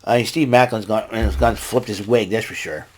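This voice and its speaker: A man's voice: fairly low pitch, moderate pace, darkish tone. A man hosting a casual show, recapping events in a rambling way and jumping into raised voices when he quotes people. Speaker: podcast host recapping wrestling.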